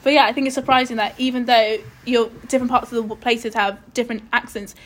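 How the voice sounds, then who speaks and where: A young woman hosting a podcast, chatty and expressive as she tells stories. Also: a little high, fast talker. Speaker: podcast host. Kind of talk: casual podcast conversation. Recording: faint background noise.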